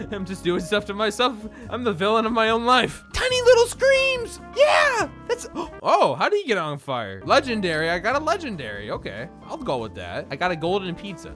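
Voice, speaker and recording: Young male gamer, high bright voice, excitable and jokey commentary. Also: a little fast, soft background music. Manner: excitable, jokey, shouts and laughs often. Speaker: gaming video creator. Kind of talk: gameplay commentary.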